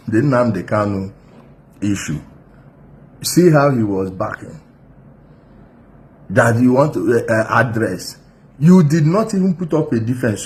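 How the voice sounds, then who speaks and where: A man giving scornful political commentary, pausing often with fillers. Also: fairly low pitch, darkish tone, slight background noise.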